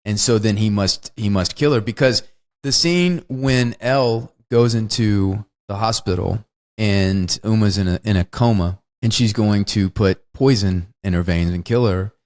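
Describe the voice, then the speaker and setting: A man's voice: on the low side, measured pace. A man co-hosting a podcast, chatting casually about films and acting out lines from scenes. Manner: animated, acts out movie lines in big shifting voices. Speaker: podcast co-host. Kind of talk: casual film discussion.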